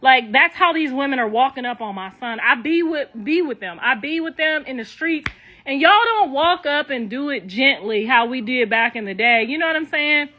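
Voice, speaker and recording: A woman's voice: high-pitched, lively intonation, moderate pace, highs cut off. An older woman ranting to her viewers in a brash, profane, casual way. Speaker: online commentator.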